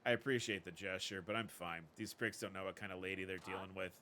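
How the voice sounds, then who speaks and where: A man voicing a brash, sharp-tongued young woman fighter who brushes off sleazy men with cutting retorts. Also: low-pitched, fairly even intonation, quick pace, slight background noise, voice pushed down. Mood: cool.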